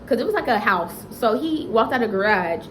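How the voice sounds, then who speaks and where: A young woman tells a dramatic personal story to her viewers in a casual, animated way. Her voice sits fairly high, and she keeps talking straight to the audience as she builds the tale. A faint hiss runs under the recording. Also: a little fast, poor audio. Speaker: vlogger. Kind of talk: storytime vlog.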